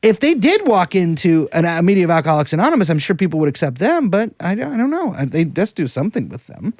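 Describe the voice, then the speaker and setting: A man's voice: sits high, sing-song, fast, darkish tone, dry recording, clean studio sound. A man co-hosting a casual podcast, rambling and sardonic, wandering through digressions. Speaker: podcast co-host.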